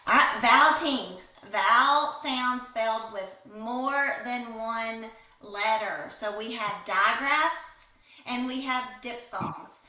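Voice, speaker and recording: A woman's voice: a little high, slow, bright, forceful tone. A woman literacy trainer giving an instructional presentation to teachers over a video call, explaining step by step. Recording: echoey room, distant from mic.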